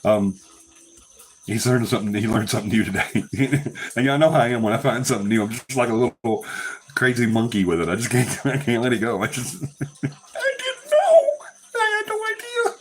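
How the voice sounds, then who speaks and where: A man's voice: fairly low pitch, a little fast, slightly rough. A man hosting a casual live stream, breaking into fits of laughter. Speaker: paranormal live-stream host.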